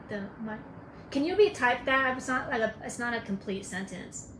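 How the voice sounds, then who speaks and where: A woman's voice: fairly high pitch, expressive, normal speed, reverberant, noisy background. A woman giving casual spiritual advice on a live stream, emphatic and preachy, repeating her points. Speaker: spiritual teacher.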